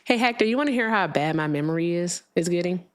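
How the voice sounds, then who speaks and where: A woman's voice: on the low side, lively intonation, fast, slight background noise. A woman hosting a live call-in stream, talking casually with a sarcastic, chatty manner and lots of fillers. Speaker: livestream host.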